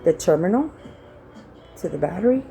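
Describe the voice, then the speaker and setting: A woman's voice: fairly low pitch, lively intonation, moderate pace, creaky, dark tone, soft background music, low-quality recording. A middle-aged woman, telling a rambling, blunt story in a casual vlog and acting out what people said. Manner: rambling, blunt and salty, reenacting dialogue. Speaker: vlogger.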